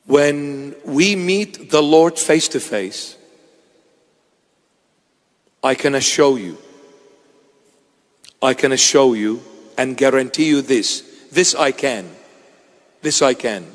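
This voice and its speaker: A man's voice: mid-range voice, lively intonation, takes it slowly, pauses often, big-room sound. A man preaching a sermon to his congregation in an emphatic, rhetorical style, repeating key phrases.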